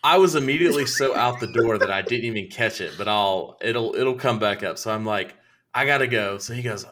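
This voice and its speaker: A young adult man casually telling a profane story, acting out both sides of the conversation with lively quoted voices. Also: medium pitch, a little fast.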